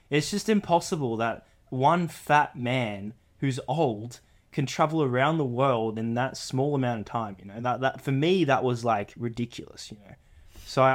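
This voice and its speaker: A man chatting casually on a podcast as co-host, rambling through stories with lots of "you know" and "like.". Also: mid-range voice. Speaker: co-host, older brother.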